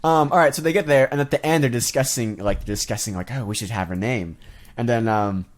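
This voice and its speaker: Male podcast co-host, mid-pitched voice, casual rambling plot recap with sarcastic asides. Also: brisk, a little hiss or hum. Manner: rambling recap with mocking quoted voices and laughs. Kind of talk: casual movie discussion.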